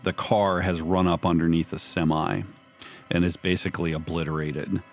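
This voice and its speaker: A man narrating a horror tabletop game as game master, describing scenes in graphic, measured detail. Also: low-pitched, level tone, faint music behind.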